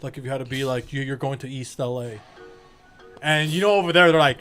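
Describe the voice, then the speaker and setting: A man's voice: mid-range voice, steady tone, a little fast, a bit bright, soft background music. A man hosting a casual podcast chat, joking, teasing and swearing freely. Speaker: podcast host.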